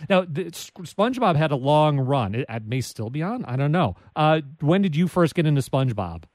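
A man's voice: on the high side, sing-song, moderate pace, darkish tone, no room sound. A man hosting a live call-in radio show, chatting in a friendly, self-deprecating way with callers. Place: radio studio. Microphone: studio microphone.

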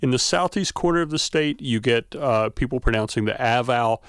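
A man who is a university scholar of regional culture, giving measured, explanatory answers as a radio guest, with many fillers. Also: medium pitch, fairly bright tone, clean tone, no echo, clean studio sound.

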